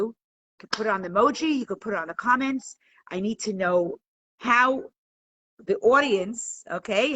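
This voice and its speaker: Casting note: earnest woman teacher at mid pitch, dry close sound, questions the audience directly. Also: a bit bright, dry recording, low-quality recording. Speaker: teacher of an online class. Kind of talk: live-streamed talk to viewers.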